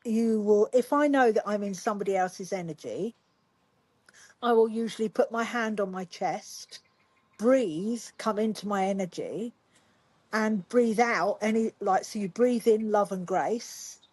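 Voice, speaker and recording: Calm Reiki teacher, female; mellow, husky, dry close sound. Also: medium pitch, measured pace, no room sound. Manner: calm, explanatory, guiding. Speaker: Reiki master teacher guest. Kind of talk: podcast conversation.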